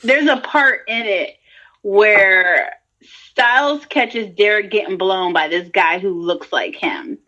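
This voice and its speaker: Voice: mid-range voice, slow, sharp tone, highs cut off. A podcast co-host in casual chat, reacting with mock-horrified exclamations.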